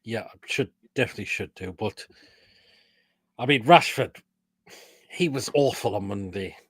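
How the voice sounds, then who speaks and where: A man's voice: lowish voice, measured pace, husky, dry recording, studio quality. Blunt, swearing male football show host. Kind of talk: casual live football chat, reading viewer comments.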